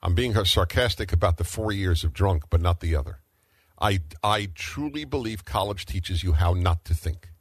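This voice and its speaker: A man's voice: low voice, expressive, moderate pace, breathy edge, no echo. A middle-aged man hosting a talk radio show, arguing emphatically and firing off rhetorical questions.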